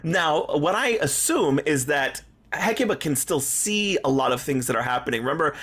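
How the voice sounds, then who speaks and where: Animated man recapping, slightly high voice. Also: normal speed, slightly rough. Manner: animated retelling, acting out quoted lines in shifting voices. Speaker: podcast co-host recapping a soap opera. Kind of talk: casual chat.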